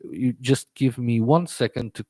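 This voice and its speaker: A man's voice: mid-range voice, unhurried, mellow, dry recording. Stammering man, faintly British-tinged English. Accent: slightly British-sounding, learned English. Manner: rambling, frequent stammered restarts. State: slightly impeded speech from a toothache. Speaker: livestream host. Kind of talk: casual live chat.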